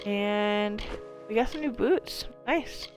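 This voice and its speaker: A woman gives loose, chatty gameplay commentary as a streamer, wandering from one thought to the next. She swears freely and leans on plenty of fillers, with a voice of ordinary, middling pitch for a woman. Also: slow, faint music behind. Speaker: game streamer.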